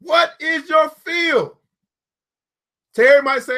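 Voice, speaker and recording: A man's voice: extremely high pitch, lively intonation, moderate pace, pauses often, pushed and bright. A man giving a motivational live talk to viewers, preachy and repetitive, calling out people by name and chuckling at his own jokes.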